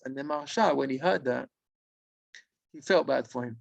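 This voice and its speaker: A man telling a religious story in sermon style, animated and acting out the figures. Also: mid-range voice, normal speed, gravelly, dry recording, muffled recording. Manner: animated, acts out the figures, mixes in Hebrew terms.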